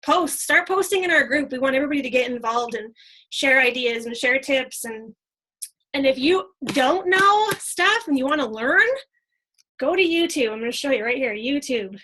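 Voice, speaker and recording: A woman leading a casual team training talk, excited and chatty, full of fillers. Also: sits high, moderate pace, poor audio. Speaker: team leader.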